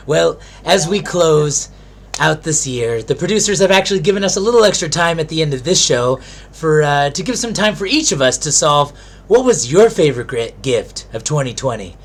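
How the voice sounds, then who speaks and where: A man's voice: a little high, animated, normal speed. A man playing a rambling aging co-host. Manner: hesitant, rambling. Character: aging, much-married male morning show co-host.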